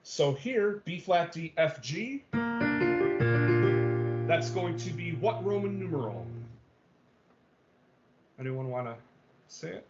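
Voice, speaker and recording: Slowly and with long pauses, a man with a fairly high, expressive voice teaches music theory in an online class. He explains step by step, saying "okay" and "um" frequently while confirming students understand. The video-call recording sounds dull and lo-fi.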